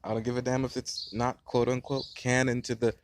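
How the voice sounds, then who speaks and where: A man's voice: mid-range voice, flat delivery, brisk, a little hiss or hum. Late-twenties man, mid-range voice, rambling heated outdoor movie rant. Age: late 20s. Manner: passionate, profane, rambling. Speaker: movie reviewer. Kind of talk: casual rant-style review. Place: outdoors near a beehive.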